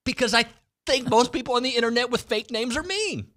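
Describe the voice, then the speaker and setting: A man hosting a sports talk radio show, moving from sober news to lively, ranting banter with his co-host. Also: very high voice, a little fast, no echo, studio quality. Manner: animated, builds from somber to excited ranting. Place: radio studio. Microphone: studio mic.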